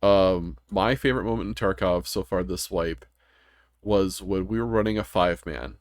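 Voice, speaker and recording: A man's voice: deep voice, normal speed, no echo, clean studio sound. A man hosting a casual gaming podcast, telling stories in a rambling way with many ums and restarts. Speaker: podcast host.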